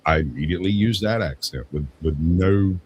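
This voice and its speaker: A man's voice: low-pitched, moderate pace, a little hiss or hum. A man from Georgia with a Southern accent, telling a rambling story in a casual podcast chat. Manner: rambling storyteller, animated when quoting others.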